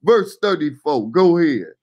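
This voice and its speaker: A man with a fairly high voice hosts a Bible talk on the radio. He breaks in with folksy, conversational commentary and keeps nudging the reader to carry on. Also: very animated, unhurried, darkish tone. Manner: folksy, chiming in to prompt the reader. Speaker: radio show host leading Bible reading. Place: radio studio.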